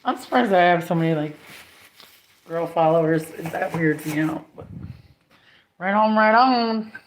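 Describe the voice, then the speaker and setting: A woman in her forties rambling through a live stream from her kitchen, peppering every sentence with "like" and casual swearing. Her voice sits fairly low, and a faint hiss runs under her chatter. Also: a little slow. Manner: rambling, profane, full of "like". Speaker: bartender and live-stream host. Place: home kitchen and house, indoors.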